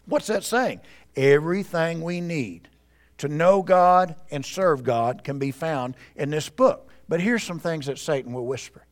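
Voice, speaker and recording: A man's voice: on the high side, measured pace. A male pastor preaching a sermon at a church service, speaking earnestly and addressing the congregation directly.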